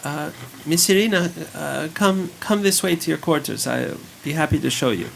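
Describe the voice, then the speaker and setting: A man's voice: a little high, creaky, slight background noise, voice pushed up, rough recording. A man voicing an eager young child who helps out, in a tabletop role-play. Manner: bright, eager and quick.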